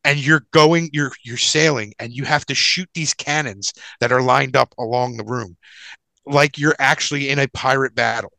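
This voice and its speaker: Bright, rambling podcast storyteller man. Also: mid-range voice, normal speed, creaky, no echo, poor audio. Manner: rambling, profane, animated anecdote-telling with frequent restarts. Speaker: podcast co-host.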